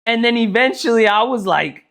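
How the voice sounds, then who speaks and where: A young man co-hosting a podcast, telling a joke and chatting casually, animated and swearing casually. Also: very high-pitched, normal speed, vocal fry. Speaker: podcast co-host.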